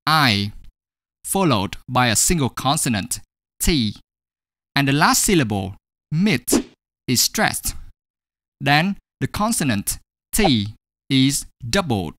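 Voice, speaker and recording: A man teaching an English grammar lesson, speaking slowly and deliberately and saying each example word twice. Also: medium pitch, big pitch swings, fairly bright tone, no echo, studio quality.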